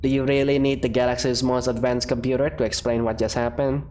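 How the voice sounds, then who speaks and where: A man reading the lines of a sarcastic, gloomy spaceship computer from a game, in a dry deadpan way. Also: medium pitch, fairly quick, slight background noise, natural voice. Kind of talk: reading game dialogue aloud.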